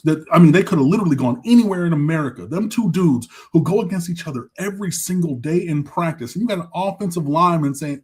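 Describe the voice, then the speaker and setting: A man's voice: on the high side, lively intonation, fast, hardly any pauses, darkish tone, husky. A man co-hosting a sports podcast, talking in a casual, emotional, rambling way with many restarts. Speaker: podcast co-host.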